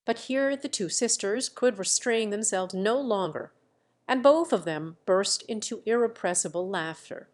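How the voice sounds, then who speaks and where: A woman with a medium-pitched voice reads a classic novel as an audiobook. Her scripted literary narration is measured and even.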